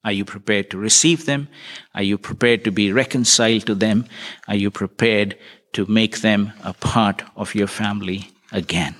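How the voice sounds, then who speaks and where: A man's voice: lowish voice, fairly even intonation, normal speed, a bit bright. A man preaching a sermon, retelling a parable and putting earnest, searching questions to his listeners.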